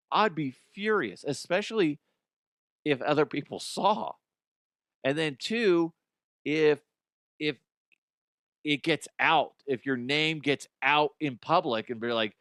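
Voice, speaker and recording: Animated man ranting on a comedy podcast. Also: fairly high pitch, slow, pauses often, dry recording, studio quality. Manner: animated, exaggerated, laughing at own jokes. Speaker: podcast host. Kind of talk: comedic news rant.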